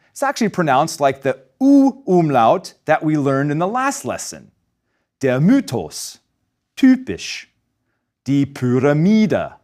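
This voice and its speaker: A man teaching German pronunciation in a scripted lesson, talking in a lively way and slowing down to model each sound. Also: on the high side.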